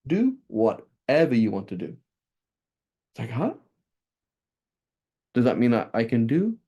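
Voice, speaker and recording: Mellow-voiced man lecturing a class. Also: medium pitch. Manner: animated, frequent "right?" checks, restarts and asides. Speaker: teacher. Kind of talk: classroom lecture on Islamic texts.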